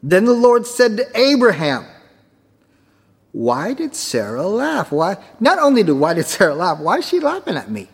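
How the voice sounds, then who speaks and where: A man's voice: high-pitched, big pitch swings, brisk, few pauses, husky. A man preaching a sermon as pastor, emphatic, with rhetorical questions. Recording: echoey hall with long reverb.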